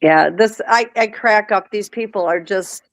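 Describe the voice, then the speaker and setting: A woman's voice: mid-range voice, unhurried, no echo. A woman from Michigan, telling stories in casual chat with lots of laughter. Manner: animated storyteller, laughing often.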